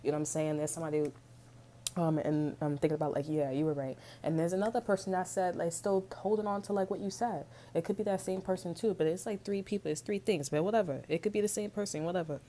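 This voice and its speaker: A woman's voice: fairly low pitch, normal speed, dark tone, a little hiss or hum. A woman giving a casual tarot reading, chatty and slangy, swearing freely and humming little tunes between thoughts. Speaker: tarot reader.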